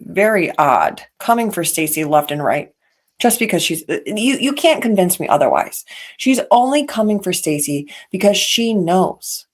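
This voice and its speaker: A woman hosting a podcast, chatting in a casual, opinionated way and dropping petty asides. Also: lowish voice. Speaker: podcast host. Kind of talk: casual reality-TV gossip commentary. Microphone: podcast mic.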